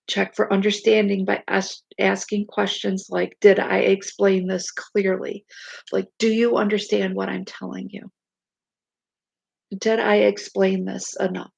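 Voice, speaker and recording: A woman life coach talks through self-help steps in a steady, instructive way, with a heavily gravelly, husky texture. Her pitch stays flat, and her laptop mic picks her up close and dry while she sits in bed feeling unwell. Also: dry recording. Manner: steady, instructive, reading from notes. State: unwell, low energy. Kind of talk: casual self-help talk. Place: bed at home.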